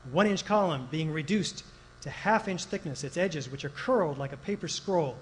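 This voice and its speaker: A man lays out technical findings in an earnest, lecturing tone, pausing for rhetorical questions and the odd filler. His voice sits somewhat high, with a faint hiss of noise behind it. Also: poor audio. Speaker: architect presenting evidence. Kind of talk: documentary lecture.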